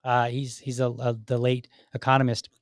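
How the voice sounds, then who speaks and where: A man's voice: mid-range voice, monotone, normal speed, no echo, clean studio sound. A man hosting a podcast, commenting sarcastically on clips and acting out imagined back-and-forth dialogue. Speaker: podcast host.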